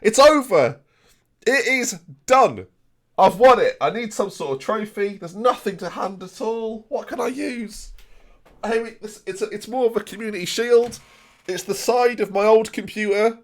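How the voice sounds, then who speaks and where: A young man giving jokey, excitable live commentary on his game and talking to his viewers. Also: high voice, normal speed. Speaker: gaming streamer.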